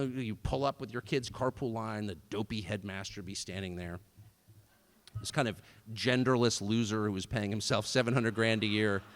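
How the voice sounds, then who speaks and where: A middle-aged man delivers a sarcastic, mocking speech with short laughs. His voice sits high and leaps all over the place. It rings out in an echoey hall. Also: a bit bright. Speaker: speaker at a political event. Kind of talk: live speech to an audience.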